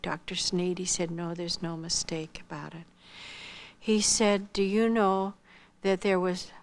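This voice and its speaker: Older woman telling her testimony, earnest. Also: fairly low pitch. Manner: earnest, acts out remembered dialogue, drops to a hush at tender moments. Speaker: missionary giving testimony. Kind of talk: personal testimony storytelling.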